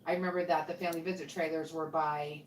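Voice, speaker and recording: A woman's voice: sits low, level tone, fast talker, a little hiss or hum. A woman co-hosting a livestream in casual chat, reading viewer comments aloud and laughing often. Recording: roomy, distant from mic.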